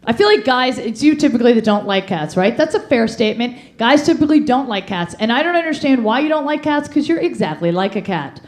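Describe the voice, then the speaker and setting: A woman's voice: a little high, animated, a little fast, hardly any pauses. A female stand-up comedian on a comedy club stage, doing playful observational bits that act out how dogs and cats behave.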